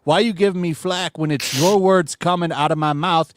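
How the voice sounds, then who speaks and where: A man's voice: on the high side, moderate pace, no echo, close to an everyday voice. A man reading out lines as a sassy male superhero, drawling and indignant.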